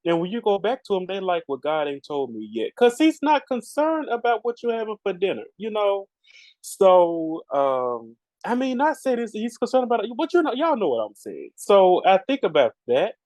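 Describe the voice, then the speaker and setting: A man's voice: sits high, normal speed, no room sound, poor audio. A man co-hosting a podcast, riffing in a casual, preachy way with vernacular speech. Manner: animated, preachy riffing with Southern Black vernacular. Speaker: podcast co-host. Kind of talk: casual chat.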